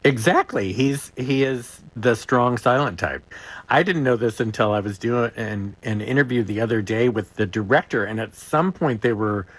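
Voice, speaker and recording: A man's voice: mid-range voice, moderate pace, dry recording. A man being interviewed as an actor guest, talking in a chatty way with frequent chuckles and restarts.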